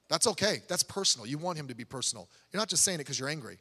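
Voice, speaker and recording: A man preaching a sermon in a church, talking conversationally with asides, restarts and quick jokes. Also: sits high, animated, a bit bright. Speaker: pastor. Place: church sanctuary. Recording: long church hall reverb.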